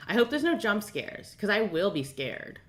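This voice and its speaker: A woman's voice: medium pitch, big pitch swings, a bit bright. A young woman streaming a game in casual, rambling chat and laughing often. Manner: chatty, rambling, quick to laugh.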